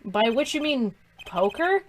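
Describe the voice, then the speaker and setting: A woman's voice: a little high, big pitch swings, a little slow, a little hiss or hum. A woman voicing an earnest, easily surprised young male attorney. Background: game music.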